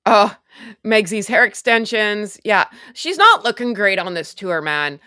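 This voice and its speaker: A woman's voice: mid-range voice, lively intonation, measured pace, sharp tone, clear, resonant tone, no room sound, clean studio sound. Chatty sarcastic woman gossip streamer. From Canada. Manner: chatty and sarcastic, talks to her chat. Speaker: livestream host. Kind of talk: casual celebrity gossip livestream.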